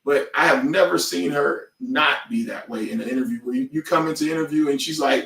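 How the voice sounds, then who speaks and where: A man co-hosting a podcast in casual chat, animated and prone to loud outbursts and impressions. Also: mid-range voice, a little fast, gravelly, hardly any pauses, reverberant, distant mic. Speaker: podcast co-host.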